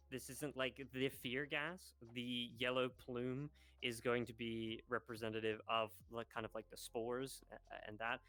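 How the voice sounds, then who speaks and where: A man's voice: mid-range voice, level tone, a little slow, hardly any pauses, a bit bright, no echo. A man organizing a role-play event, briefing the group in a loose, rambling way with lots of filler words over voice chat. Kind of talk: casual instructions to a group.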